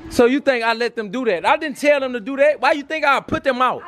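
A young man hosting a home vlog, loudly teasing and playfully scolding the people around him. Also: very high voice, fast, soft background music. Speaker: vlogger host. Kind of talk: casual chat. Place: at home, indoors. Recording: noisy room with people around. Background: people chattering.

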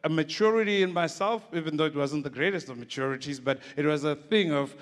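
A South African guest speaker gives a stage talk, telling loose stories with laughter and many stumbling restarts. He talks fast with a slightly high voice and hardly pauses, and the hall sounds echoey.

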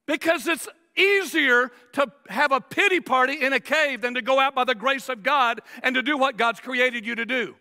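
A man preaching in a large church sanctuary with a very high, gravelly voice. His tone is bright and sharp, and his words ring out with a long hall reverb. He preaches emphatically. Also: normal speed, hardly any pauses. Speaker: pastor. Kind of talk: sermon.

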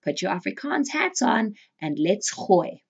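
A woman's voice: medium pitch, sing-song, measured pace, creaky, breathy edge. A woman teaching a beginners' language lesson, patiently repeating each word so learners can say it with her. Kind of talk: slow, clear language lesson. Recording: slightly dull, muffled audio.

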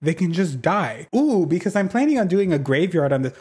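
A man giving casual gameplay commentary as a YouTuber, chatty and excitable, laughing often. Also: high-pitched, fairly quick, husky. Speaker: gaming YouTuber.

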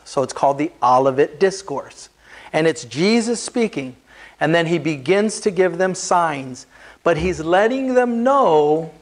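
A man preaching a sermon as pastor, earnest and building emphasis as he explains scripture. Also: on the high side.

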